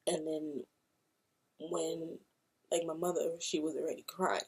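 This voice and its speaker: A woman's voice: low-pitched, level tone, unhurried, a little mellow, slightly rough. A young woman from Brooklyn, casually telling a personal story to camera and acting out what people said. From Brooklyn, New York. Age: young adult. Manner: casual, acts out quoted voices. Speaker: vlogger.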